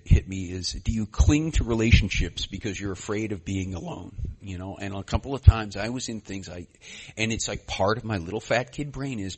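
A man giving a personal share at a recovery meeting, rambling and self-deprecating, with many fillers and sudden loud bursts. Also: lowish voice, slightly rough. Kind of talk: personal share, conversational storytelling.

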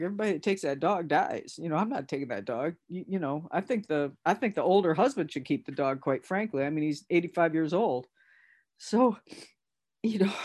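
A middle-aged woman telling a personal family story in an emotional, halting way, repeating herself and stammering at moments. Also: deep voice, darkish tone.

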